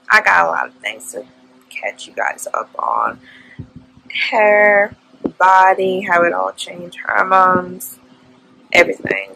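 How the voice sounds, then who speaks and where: A woman's voice: fairly low pitch, creaky, pushed and bright, a little hiss or hum, rough recording. A young woman vlogging at home, telling an emotional, faith-filled story in casual chat.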